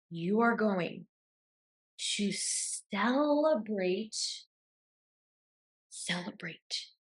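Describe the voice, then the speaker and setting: A woman's voice: mid-range voice, a little mellow. A woman giving a blunt, emphatic motivational talk as a self-help coach, swearing casually.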